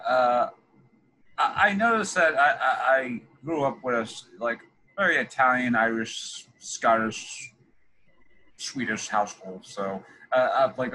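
A man's voice: mid-range voice, pushed and bright, poor audio. A man hosting an interview, asking long rambling questions full of fillers and restarts. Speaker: podcast host interviewing a guest. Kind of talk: casual interview chat.

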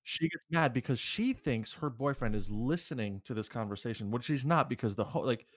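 A man telling a story on a casual podcast. He rambles and restarts, slipping into other people's lines as he goes. His voice sits at an everyday middle pitch. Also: lively intonation, fairly quick. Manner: rambling, restarts, acts out quotes. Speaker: podcast co-host.

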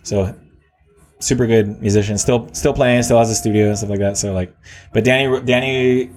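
A man in casual chat about his old band, rambling and halting, full of fillers and restarts. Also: medium pitch, fairly even intonation, a little mellow, faint music behind. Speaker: musician guest.

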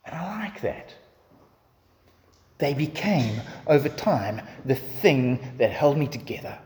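A man's voice: medium pitch, very animated, takes it slowly, a little mellow, a little hiss or hum. Man preaching in a reverberant hall. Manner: repetitive, building cadence. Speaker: pastor. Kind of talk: sermon with closing prayer.

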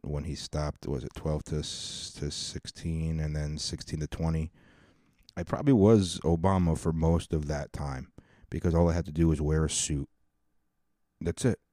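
Guy in his 30s hosting a podcast, real low dark voice, crude and rambly, dry close mic. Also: no room sound. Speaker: podcast host. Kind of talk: casual comedic storytelling.

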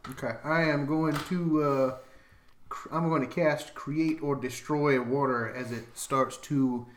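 A man's voice: medium pitch, steady tone, a little slow. A man playing a tabletop game, speaking casually and hesitantly. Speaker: player. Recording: echoey room with faint hiss.

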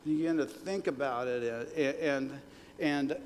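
A middle-aged man preaching a sermon as pastor, animated and joking, leading the congregation in call-and-response. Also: mid-range voice, measured pace. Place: church hall. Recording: reverberant hall with faint noise.

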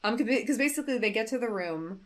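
Young woman cohost, easygoing, retelling scenes softly. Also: on the high side, animated, fast. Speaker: podcast co-host. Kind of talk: casual chat recapping an anime episode.

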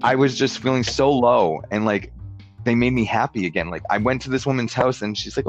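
Speaking at normal speed in a mid-range voice, a man tells a rambling story in a casual chat, dropping "like" often and imitating people when quoting them. Faint guitar music sits under the dull lo-fi sound.

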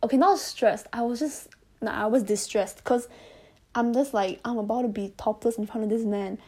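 A young woman from Malaysia tells a personal story straight into a close mic, rambling and candid, with frequent swearing and exasperated asides. Her voice sits a little high yet sounds mellow and warm. Her loud breathing is clearly audible between phrases. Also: normal speed. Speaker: vlogger. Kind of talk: casual storytelling monologue.

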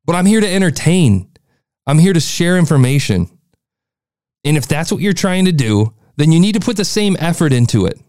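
A man's voice: on the high side, sing-song, normal speed, darkish tone, dry recording, clean studio sound. A man hosting a podcast, giving a blunt, exasperated critique of a listener's show. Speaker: podcast host reviewing listener shows.

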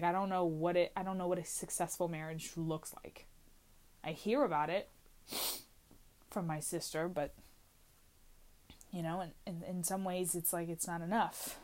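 This vlogger, a woman in her twenties, has a fairly low-pitched, darkish voice. Speaking anxiously to camera from inside a small closet, she rambles and doubts herself in a casual confessional vlog.

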